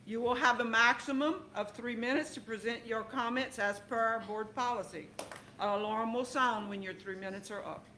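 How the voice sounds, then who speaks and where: A woman's voice: a little high, fairly even intonation, moderate pace, sharp tone, slight background noise, low-quality recording. A woman chairing a school board meeting, formal and procedural, with hesitant fillers as she reads the rules.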